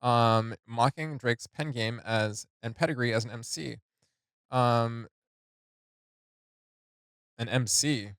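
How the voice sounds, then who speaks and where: A man hosting a music reaction video, reading lyrics and annotations aloud in a casual, halting way with many fillers. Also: medium pitch, fairly bright tone, clean tone, dry recording.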